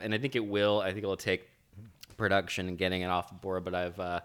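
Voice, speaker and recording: A man with a very low voice co-hosts a casual podcast conversation. He rambles and jokes, doubling back to restart his sentences as he goes. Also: flat delivery, fast talker, a bit bright, clean tone. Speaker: podcast co-host. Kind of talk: casual chat.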